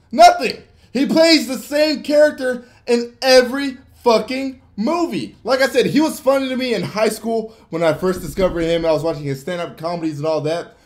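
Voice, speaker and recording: A young man hosting a livestream, ranting with lots of swearing and swinging between yelling and muttering. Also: high voice. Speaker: livestream host. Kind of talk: unscripted livestream rant.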